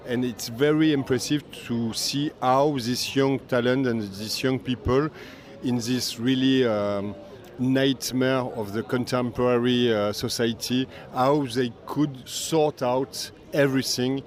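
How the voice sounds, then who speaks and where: An older man who speaks English as a second language with a French accent. As a festival director being interviewed, he pauses often to search for words. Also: medium pitch, fairly even intonation.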